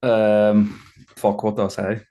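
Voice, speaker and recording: A young man from Northern Ireland talks in a relaxed, rambling way, full of fillers and asides. His Northern Irish accent is strong, and his voice sits on the low side. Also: slow. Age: 20s. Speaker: guest, bodybuilder. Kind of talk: casual chat.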